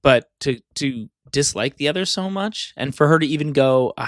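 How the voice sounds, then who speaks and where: A man co-hosting a podcast, talking through a Bible passage in a rambling, halting way with many restarts. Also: mid-range voice, expressive, dry recording, studio quality. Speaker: podcast co-host. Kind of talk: casual discussion.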